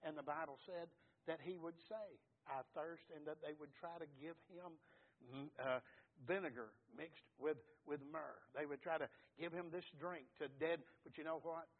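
A man preaching a sermon with emphasis, swinging between loud cries and hushed words. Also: fairly high pitch, normal speed. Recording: tinny phone-like sound.

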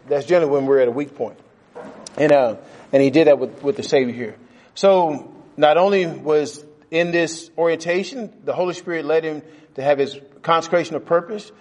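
A man's voice: on the high side, fairly quick, a little mellow. Folksy Bible teacher, a man with a raised voice. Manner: plain, folksy, repeats phrases for stress. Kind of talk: conversational sermon with class questions.

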